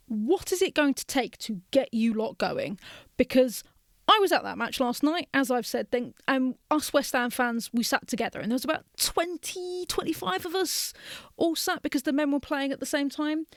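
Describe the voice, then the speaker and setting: A woman's voice: high-pitched, lively intonation, normal speed, dry recording. Teasing young woman, dry mic. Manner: chatty, teasing. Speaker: podcast co-host. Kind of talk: casual sports chat.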